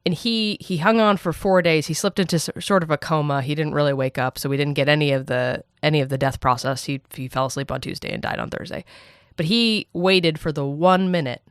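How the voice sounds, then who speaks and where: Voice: medium pitch, brisk, a bit bright, clear, resonant tone, no echo, studio quality. A podcast host sharing a personal story in a candid, wry way during a casual interview chat.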